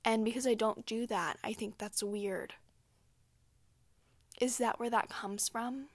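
A young woman with a somewhat high voice talks straight to her listeners in a candid, emphatic way, swearing freely and scattering "like" through her sentences. The sound is dry and close, with no room around it. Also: takes it slowly, no echo. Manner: candid, profane and emphatic, with frequent "like" fillers. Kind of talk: casual solo talk.

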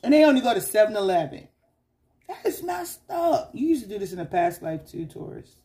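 A woman's voice: medium pitch, big pitch swings, fast talker. A woman giving a casual tarot reading to her viewers, chatty and slangy, teasing and scolding the listener and often asking "you know what I'm saying?". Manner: teasing and scolding the listener with sudden loud bursts. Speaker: tarot reader.

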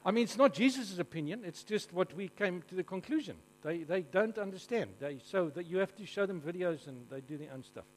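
A South African man preaching from the front of a congregation, his voice sitting noticeably high for a man. He tells his stories with humour and keeps drawing the crowd in with questions. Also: a little fast, few pauses, slight background noise, low-quality recording. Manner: animated and jokey, asking the audience questions. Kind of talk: storytelling sermon to a live congregation.

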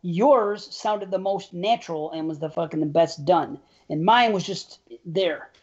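A man's voice: high-pitched, a little slow. A man co-hosting a casual podcast, talking bluntly and swearing freely. He runs himself down. The audio is a little muffled and dull. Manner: blunt and swearing, self-deprecating. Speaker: podcast co-host. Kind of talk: casual chat.

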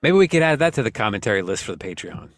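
A man's voice: lowish voice, very animated, rapid-fire, fairly bright tone, dry recording. Laid-back wry man, dry close sound. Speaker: podcast host. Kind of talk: casual chat.

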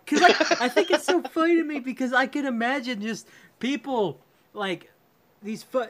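A podcast co-host in casual comedic chat who swears a lot, laughs often, sounds incredulous and reads a news article aloud. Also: medium pitch.

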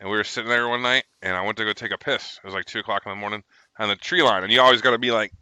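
तीस के दशक का एक आदमी, सेना का पूर्व सैनिक, जो खुलकर गालियों के साथ भटकती हुई कहानियाँ सुनाता है।. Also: male voice, on the low side, fairly even intonation, very fast, bright, forceful tone, clear, resonant tone, no room sound, poor audio. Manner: rambling, profane storyteller. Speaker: military veteran guest. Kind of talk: casual chat.

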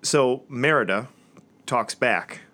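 A man in his thirties co-hosting a casual podcast, upbeat and joking with quick asides. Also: medium pitch, sharp tone. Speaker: podcast co-host. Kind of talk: casual chat.

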